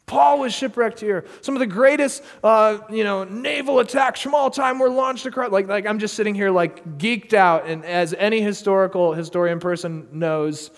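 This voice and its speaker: A man's voice: high-pitched, normal speed, few pauses, big-room sound. A man from the United States telling a story casually, full of fillers and frequent laughter. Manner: animated, laughs often, many fillers. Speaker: missionary storyteller.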